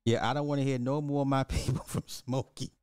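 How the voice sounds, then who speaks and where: A man's voice: mid-range voice, steady tone, a little fast, a little mellow, clean tone, dry recording, studio quality, faint music behind. A middle-aged man hosting a livestream, ranting bluntly and with profanity in casual commentary, repeating his points for emphasis. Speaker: livestream host.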